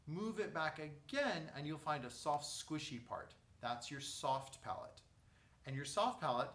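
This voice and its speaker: A man teaching a vocal lesson, guiding breathing and posture in a calm, step-by-step way. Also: medium pitch. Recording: echoey room, mic at a distance.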